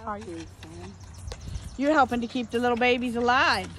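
A woman's voice: fairly high pitch, fairly quick, fairly bright tone, slight background noise. A woman at an animal rescue, talking to her animals in a cooing, sing-song baby-talk voice for a casual vlog.

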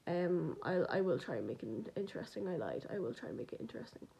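A woman's voice: on the low side, sing-song, fast talker, gravelly, dark tone, muffled recording. A young woman, chatting casually and rambling with self-deprecating humor in a vlog filmed on her phone at home. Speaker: vlogger. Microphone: phone camera.

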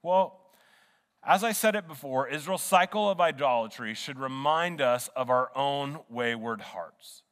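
A man's voice: mid-range voice, unhurried, a bit bright. A man preaching a sermon as pastor in a church, earnest and conversational, often restarting his sentences. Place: church sanctuary. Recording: long hall reverb in a church.

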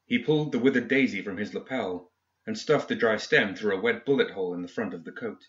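A man narrates a grim fiction story in a measured, even reading. His voice sits on the low side. The recording sounds dull and lo-fi. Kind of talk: scripted audiobook narration. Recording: dull lo-fi audio.

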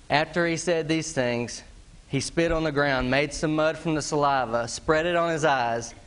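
A man's voice: on the high side, a little slow, fairly bright tone. Folksy preacher, man. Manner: folksy storytelling, laughs at his own tale, mimics animal calls. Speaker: pastor. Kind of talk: sermon.

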